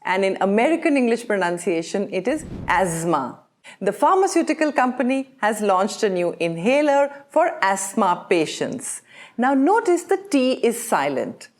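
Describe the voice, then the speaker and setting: A woman teaching English pronunciation, drilling words slowly and with careful enunciation, putting questioning tones on the wrong versions. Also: fairly high pitch, big pitch swings. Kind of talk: scripted pronunciation lesson.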